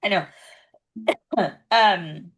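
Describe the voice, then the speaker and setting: A middle-aged woman co-hosting a podcast in a low-pitched voice. She rambles through a story with lots of fillers and restarts. She drops the odd casual swear. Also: very slow, fairly bright tone, slight background noise. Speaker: podcast co-host. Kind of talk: casual chat.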